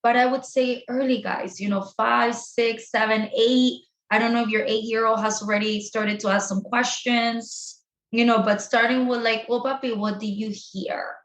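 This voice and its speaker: A fairly high-voiced woman therapist explains things in an animated, direct way, often turning to listeners and mixing in Spanish phrases. Her voice carries a noticeable echo from the room around her. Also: moderate pace. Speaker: sex therapist guest. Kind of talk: advice talk in an interview. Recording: echoey room.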